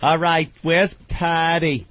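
A man's voice: a little high, little pitch movement, takes it slowly. A male radio co-host in a studio, emphatic and egging the others on in banter. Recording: dull radio broadcast audio.

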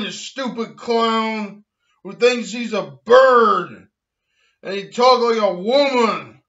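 A man rants for laughs, drawing his words out very slowly and breaking into shouts. His voice sits high and sounds bright and tense. The recording is dull and lo-fi. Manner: slow, loud, shouting angry outbursts. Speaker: comedic vlogger ranting to camera. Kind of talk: comedic rant.

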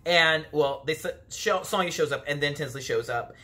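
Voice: mid-range voice, moderate pace, sharp tone. A vlogger giving a casual, gossipy episode recap, chatty and opinionated, full of "you know" and "like". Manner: sassy and opinionated.

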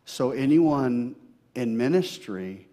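A man pastor preaching a sermon, swinging from loud emphasis to hushed, near-whispered asides. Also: mid-range voice, animated, takes it slowly.

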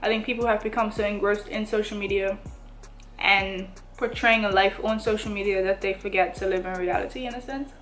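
A woman's voice: medium pitch, fairly even intonation, brisk, a bit bright, soft background music, low-quality recording. A young woman from Bermuda, vlogging and chatting casually while she eats, rambling and rephrasing as she goes. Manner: rambling, restarts and rephrases her thoughts. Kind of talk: casual chat while eating.

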